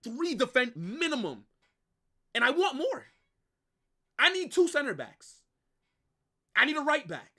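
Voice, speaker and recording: A young man hosting a live football watch-along, ranting and exasperated, rising into shouted bursts. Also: very high-pitched, very animated, unhurried, long pauses. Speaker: fan stream host.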